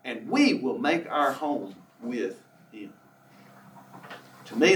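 A man preaching a sermon, emphatic, who reads scripture slowly and draws out key words. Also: medium pitch, big pitch swings, a bit bright, distant mic, slight background noise. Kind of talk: sermon on a Bible passage. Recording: echoey room from off the mic.

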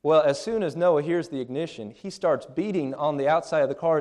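A man's voice: on the high side, a little fast, a little mellow. A man in his thirties preaching a sermon in an earnest, plain-spoken way, often restarting his phrases.

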